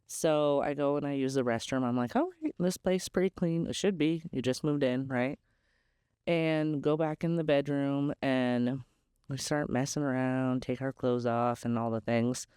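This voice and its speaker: Young woman host, frank storyteller, smooth and clear, dry booth sound. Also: very deep voice, steady tone, normal speed, warm tone, dry recording. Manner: candid and chatty, many "like"s. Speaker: podcast host. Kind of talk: casual storytelling.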